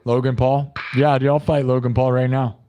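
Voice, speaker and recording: Excitable man rambling on a livestream. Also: medium pitch, normal speed. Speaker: livestream host. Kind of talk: casual livestream chat.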